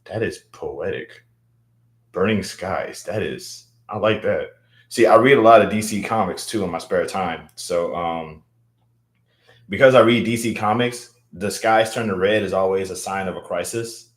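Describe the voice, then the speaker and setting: Young man hosting a casual livestream, lowish voice, echoey room, animated and repetitive. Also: measured pace. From Louisiana. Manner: animated, repeats words, hypes up viewers. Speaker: livestream host. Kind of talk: casual livestream chat reading viewer comments. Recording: roomy echo.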